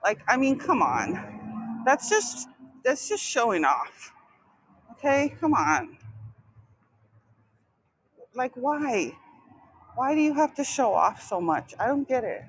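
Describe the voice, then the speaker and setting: A woman's voice: fairly high pitch, very animated, slow, long pauses, husky, rough recording. A woman chatting casually on a live stream, rambling with many fillers and restarts, outdoors near traffic.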